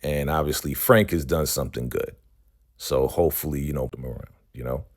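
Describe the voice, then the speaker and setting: A man's voice: extremely low pitch, brisk. A man casually recapping a TV episode in loose, slangy talk, tagging lines with "right?" and "you know".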